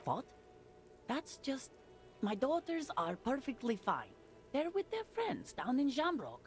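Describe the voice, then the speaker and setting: A woman's voice: high-pitched, huge pitch swings, a little slow, faint music behind, exaggerated voice. A woman voicing a patient, reassuring middle-aged mother in a detective game. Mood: defensive. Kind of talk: scripted game dialogue.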